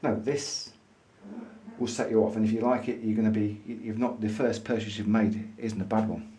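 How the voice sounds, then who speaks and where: A man's voice: on the low side, fairly even intonation, normal speed, warm tone, slight background noise. A man vlogging, chatting enthusiastically to camera in a pipe maker's showroom. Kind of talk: casual showroom chat to camera.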